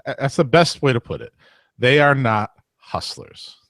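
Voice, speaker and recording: A man's voice: mid-range voice, sing-song, measured pace, fairly bright tone, no echo. A man co-hosting a live show in casual chat, blunt and opinionated. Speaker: podcast co-host.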